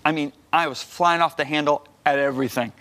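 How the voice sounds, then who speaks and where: A middle-aged man shares his testimony as a guest minister, acting out the dialogue in animated bursts. His voice sits a little high. He gets loud whenever he hits a point he wants to stress. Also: brisk. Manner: animated storyteller, rising loud when emphatic; acts out quoted dialogue. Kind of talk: testimony in a talk show.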